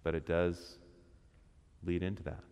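A man preaches to a men's church gathering in a very low voice. He keeps it conversational, throwing questions to the room and acting out little quotes. His words ring out with a long hall reverb. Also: flat delivery, measured pace, darkish tone, clear, resonant tone. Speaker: speaker at a men's church group. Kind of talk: interactive sermon with questions to the audience.

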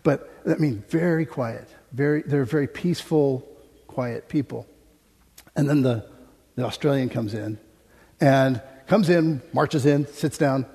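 A man's voice: medium pitch, unhurried, dark tone, breathy edge. An American man preaching a sermon from a stage microphone, telling funny stories and laughing often. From United States. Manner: humorous, anecdotal, laughs often. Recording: reverberant hall.

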